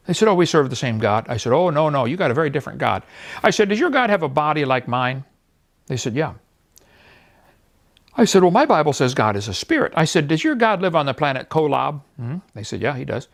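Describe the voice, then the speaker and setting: A fairly high-pitched man with vocal fry speaks a little fast. He's an evangelist in his sixties giving a preaching talk full of animated storytelling, mocking and laughing at the views he attacks while imitating the voices of the people he describes.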